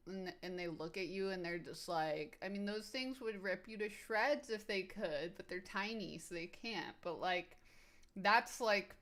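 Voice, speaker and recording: A woman with a voice pitched a little low chats loosely with her viewers during a live stream. She talks in an eager, rambling way, filling gaps with "like" and "um" and laughing easily. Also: fairly bright tone. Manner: rambling, filler-heavy with frequent "like" and "um". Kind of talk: casual live-stream chat answering viewers.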